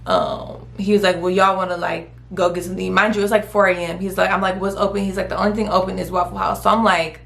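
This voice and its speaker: A woman's voice: medium pitch, little pitch movement, fast talker, gravelly, hardly any pauses, fairly bright tone. A woman vlogger telling a storytime in a casual, blunt and profane way, exasperated, and acting out the other people's lines. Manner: quotes people in acted voices.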